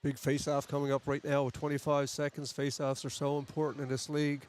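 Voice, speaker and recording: At a community arena, a man does live play-by-play for a local hockey game, adding chatty, folksy remarks between plays. His slightly high voice has a darkish tone and a completely flat, brisk delivery.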